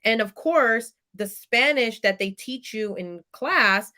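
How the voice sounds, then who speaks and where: A woman in her thirties from California, a podcast guest telling personal stories in a casual, animated way and acting out what others said. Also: on the high side, takes it slowly. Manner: animated, quotes people in lively voices. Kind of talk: casual interview storytelling.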